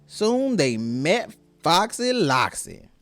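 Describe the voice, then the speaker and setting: A woman's voice: lowish voice, sing-song, slow, no echo, faint music behind. A woman reading a children's storybook aloud with a sing-song delivery.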